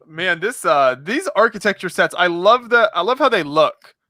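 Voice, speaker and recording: Bright-toned, chatty man hosting a live stream. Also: high voice, expressive, moderate pace, no echo. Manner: rambling, laughs often, many fillers. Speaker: podcast host. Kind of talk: casual live-stream chat while building.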